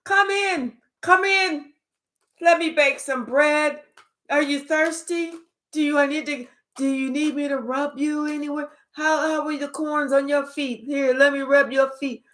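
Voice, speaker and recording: A falsely sweet, fawning woman plays hostess in a very high, syrupy voice, heaping on overdone concern, as a woman mocks her. The sweetness is plainly put on. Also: steady tone, measured pace, a bit bright.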